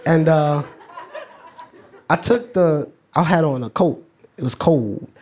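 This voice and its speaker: Speaking slowly in a slightly high, slightly mellow voice, a teenage student from New York shares a personal story live. He's chatty and slangy in a casual way and laughs along as he tells it.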